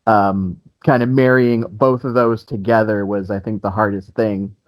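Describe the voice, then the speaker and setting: A band guitarist being interviewed talks in a loose, rambling way, full of restarts, fillers, and frequent laughs, in casual interview chat. His voice is on the low side with a steady tone and moderate pace, and the recording is dry.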